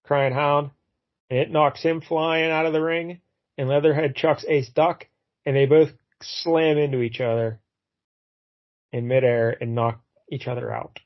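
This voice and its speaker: A man's voice: a little high, steady tone, unhurried, dull audio. A man co-hosting a podcast, casually retelling a comic book's story with many fillers and acted-out lines. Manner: rambling, retells the plot and acts out characters' lines. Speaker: podcast co-host. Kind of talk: casual comic book review chat.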